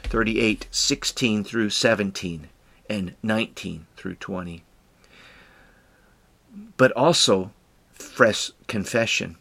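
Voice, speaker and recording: Slow, deliberate male Bible teacher. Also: fairly low pitch, gravelly, a bit bright. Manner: deliberate, reads verses then explains them. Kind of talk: devotional scripture commentary.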